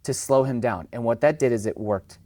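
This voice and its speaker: As a dog trainer guest in a casual podcast conversation, a man chats freely and acts out owners and dogs in raised voices. His medium-pitched, dark-toned voice moves fairly quickly, recorded in studio quality with no room sound.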